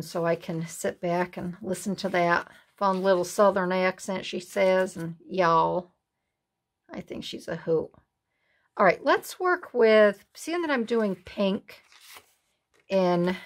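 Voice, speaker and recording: Slow, chatty woman crafting at home. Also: mid-range voice. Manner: rambling, chatty, folksy asides. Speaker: craft video host. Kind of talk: casual chat while crafting.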